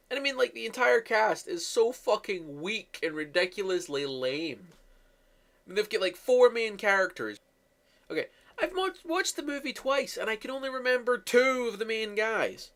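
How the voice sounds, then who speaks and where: A man's voice: high voice, big pitch swings, normal speed, fairly bright tone. A man giving a profane, mocking comedic movie rant as a reviewer.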